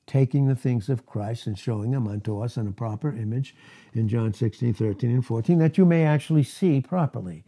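Male preacher with a husky voice, delivering an emphatic sermon. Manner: emphatic, rising to high animated bursts.

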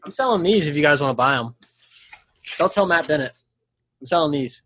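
A man's voice: a little fast, slight background noise. A young man in casual chat, telling stories with lots of swearing and laughter and acting out the voices of people he quotes. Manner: animated storyteller, swears freely, laughs mid-sentence; acts out voices in quoted lines, jumping up high.

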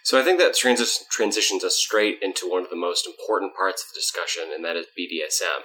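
A man's voice: sits low, quick pace, pushed and bright. A man co-hosting a casual podcast, joking about himself, then explaining topics earnestly. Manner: joking, self-mocking, turns earnest when explaining. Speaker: podcast co-host.

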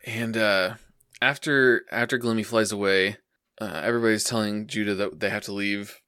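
Man, podcast co-host, casual plot recap, bright voice, dry close sound. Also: lowish voice, moderate pace, clear, resonant tone, dry recording. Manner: steady plot retelling with "uh" and "um" fillers. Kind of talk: casual anime recap narration.

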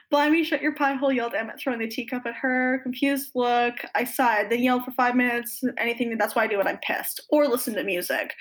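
A young woman reading fan fiction aloud in a casual podcast, breaking off to laugh and rant about it. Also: fairly high pitch.

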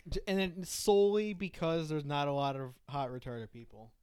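A young man with a fairly high voice drops blunt, deadpan remarks into a casual podcast chat. He talks flatly and briefly. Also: moderate pace, smooth. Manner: blunt, deadpan provocative jokes.

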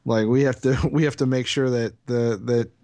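A man's voice: mid-range voice, fairly even intonation, normal speed, mellow, dry recording. A man co-hosting a podcast, rambling bluntly and crudely in casual chat. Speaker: podcast co-host.

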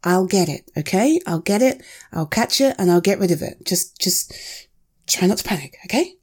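A woman voicing a caring young woman who calmly reassures a frightened friend in an audio role-play, repeating gentle soothing words. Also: on the low side, moderate pace, husky. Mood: reassuring.

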